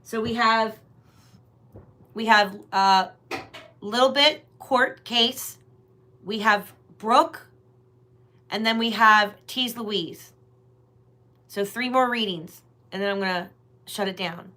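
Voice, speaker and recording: Taking it slowly with long pauses, a woman with a medium-pitched, sharp-toned voice hosts a live tarot reading stream. She chats casually, rambling and addressing viewers directly.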